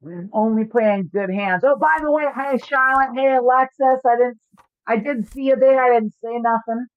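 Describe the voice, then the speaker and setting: A woman livestreams online poker, explaining her hands with jokes and profanity. Her voice is a little high and her speed normal. The audio is dry and slightly dull lo-fi, with no echo.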